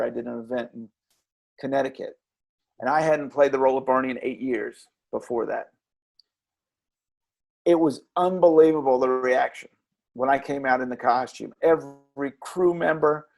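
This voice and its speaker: A man reflecting earnestly as an interview guest, with a gravelly voice and frequent halting restarts. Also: medium pitch, a little mellow. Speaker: interview guest, former children's character performer. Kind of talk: reflective storytelling.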